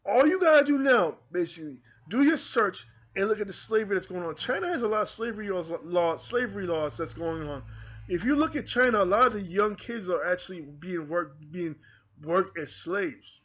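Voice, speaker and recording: Speaking directly to his viewers, a channel host from the United Kingdom with an American accent gives a fervent, repetitive monologue to camera. His voice sits high and a bit bright, and the recording is dull and lo-fi.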